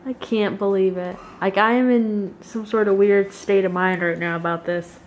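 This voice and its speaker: A woman's voice: medium pitch, fairly even intonation, moderate pace, lo-fi sound, slight background noise. A woman vlogger chatting to her camera at home, telling a story in a rambling, emotional, giggly way. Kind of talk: casual chat to camera.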